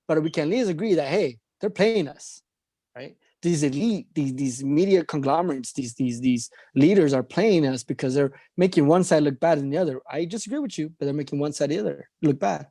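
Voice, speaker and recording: A man with a fairly high voice co-hosts a political talk show, recorded close in a dry room. He rants with emphasis and hammers his points home by repeating phrases. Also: animated, fairly quick, mellow, dry recording. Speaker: podcast co-host.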